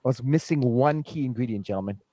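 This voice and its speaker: A man in his forties, a guest DJ, telling stories on a podcast in a lively, laughing way and swearing freely. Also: mid-range voice, no room sound. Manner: animated, swears freely, laughs often, quick asides. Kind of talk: casual podcast storytelling. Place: podcast studio.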